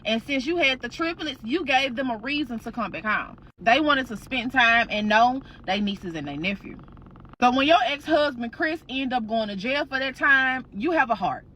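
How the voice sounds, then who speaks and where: A woman spins a dramatic story with slang, swearing and lively energy. Her voice sits high and sounds sharp and bright. The delivery is loose and chatty. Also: normal speed, slight background noise. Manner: slangy, animated, profane. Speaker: storytime host. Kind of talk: casual storytelling.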